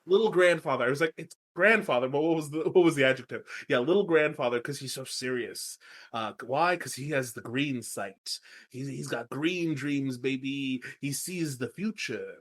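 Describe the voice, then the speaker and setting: A man hosting a podcast, recapping a book in animated, playful casual chat. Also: mid-range voice, moderate pace. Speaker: podcast host.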